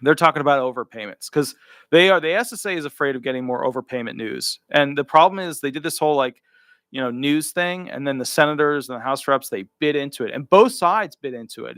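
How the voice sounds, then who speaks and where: A man's voice: fairly high pitch, a little fast, fairly bright tone, no room sound, studio quality. A man working as a disability attorney, giving live commentary while reading a rule aloud, with emphatic repeated words and offhand asides between the passages.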